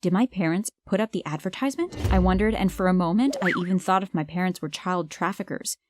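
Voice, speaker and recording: A woman narrating an animated story in a brisk, earnest way. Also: on the low side, background noise.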